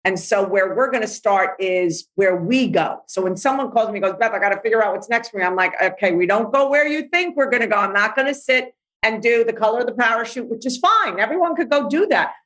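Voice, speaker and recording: A woman's voice: a little high, a little fast, few pauses, a bit bright, poor audio. A middle-aged woman life coach, speaking bluntly and animatedly in a podcast interview, acting out voices as she talks.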